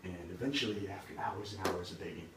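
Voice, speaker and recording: A man's voice: low voice, brisk. A man retelling a fairy tale in a casual, chatty way, peppered with "like". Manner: casual, full of "like" and "he's like". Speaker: storyteller. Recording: roomy, distant mic, background noise.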